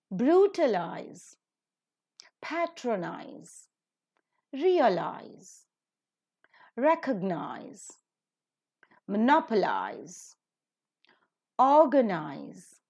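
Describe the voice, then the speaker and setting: A woman with an Indian English accent teaching English word stress, reading word lists slowly and clearly and spelling out suffixes letter by letter. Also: medium pitch, dark tone.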